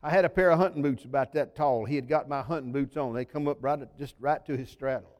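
A male pastor, preaching a sermon as folksy storytelling that swings between loud emphasis and sudden low drops. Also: fast talker. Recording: long reverb of a large hall.

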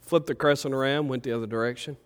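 A man's voice: medium pitch, fairly even intonation, fast talker, smooth, big-room sound. A male pastor preaching a sermon, telling a homey story full of fillers before leading a prayer. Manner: folksy, meandering, warm storytelling with many fillers. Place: church sanctuary.

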